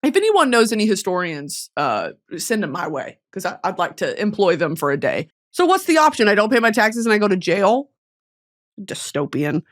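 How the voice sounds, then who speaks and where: A young woman hosting a comedic podcast, swearing freely and jumping from low mutters to loud squealing outbursts. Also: big pitch swings, normal speed. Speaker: podcast host.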